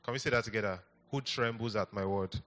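A pastor's church sermon moves at a quick pace, his voice on the low side yet fairly bright, with faint music behind him. He coaxes the congregation, repeating phrases and calling on them to answer back.

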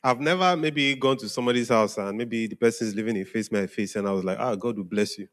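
A man's voice: mid-range voice, quick pace. Male pastor, conversational sermon delivery, mid-range voice, frequent check-ins with listeners. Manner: conversational preaching, often asking "are we together?". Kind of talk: sermon to young congregation.

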